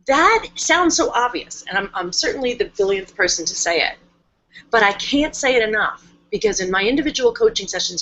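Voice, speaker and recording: A woman coach hosts a casual live-stream talk in a mid-range, fairly bright voice, with the highs cut off. She's chatty and emphatic, often acting out her clients' voices.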